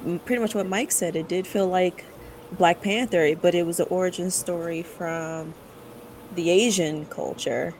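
A woman's voice: lowish voice, steady tone, measured pace, a little mellow, slight background noise, low-quality recording. Hesitant woman chatting casually. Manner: thoughtful, hesitant with many fillers. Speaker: podcast panelist. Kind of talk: casual group chat.

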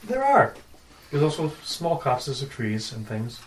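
A man's voice: mid-range voice, wildly swooping pitch, a little slow. A man running a tabletop game as game master, giving brief, matter-of-fact rulings. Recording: roomy, distant mic, faint noise.

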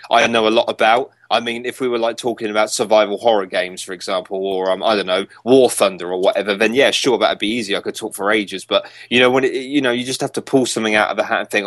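A young man hosts a casual podcast chat. His voice sits on the low side and sounds dry and close, with no room around it. He rambles loosely and chuckles while reading reviews aloud. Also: fairly bright tone, no echo. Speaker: podcast host.

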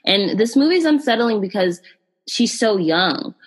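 A woman's voice: medium pitch, expressive, moderate pace, husky. A woman hosting a podcast, chatting casually and animatedly about films, with frequent fillers and direct asides to listeners. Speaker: podcast host reviewing films. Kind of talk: casual chat.

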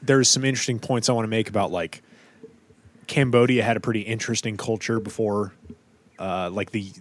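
A man hosting a podcast in casual group chat, easygoing with hesitant, searching phrasing. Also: fairly low pitch. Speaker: podcast host.

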